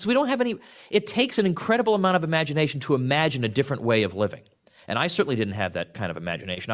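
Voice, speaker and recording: A man's voice: fairly high pitch, a bit bright. A man giving a public speech in a sardonic manner, mocking the views he quotes. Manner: sardonic, mock-quoting opponents. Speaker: speaker giving a talk.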